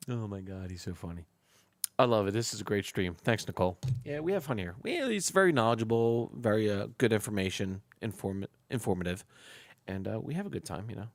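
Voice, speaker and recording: A man's voice: lowish voice, very animated, brisk, creaky, dry recording. A man hosting a casual live stream about pet snakes, talking loosely with a guest and his chat, laughing often and swearing freely.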